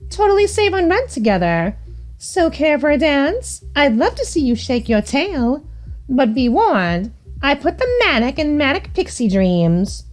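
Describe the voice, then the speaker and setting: A woman's voice: high-pitched, very animated, unhurried. A woman voicing a quirky, manic young female hipster from a game, airy and flighty.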